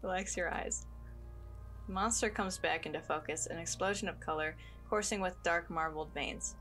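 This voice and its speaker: A woman's voice: lowish voice, normal speed, fairly bright tone, soft background music. Giggly woman reading a game aloud. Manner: giggly, playful, reads dialogue aloud. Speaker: gaming streamer. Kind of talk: let's play commentary and reading game text aloud.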